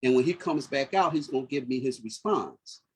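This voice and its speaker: A man's voice: medium pitch, animated, normal speed, slight background noise. A middle-aged man telling his personal story as a podcast guest, earnest and moved, repeating phrases as he recalls what people said.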